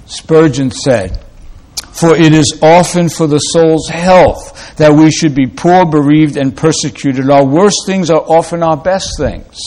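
Slow, deliberate male preacher. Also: on the high side, darkish tone. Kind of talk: sermon.

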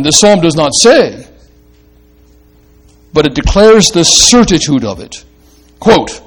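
A man preaching a sermon slowly and deliberately, rising to emphatic bursts and reading verse aloud. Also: on the high side, a little mellow.

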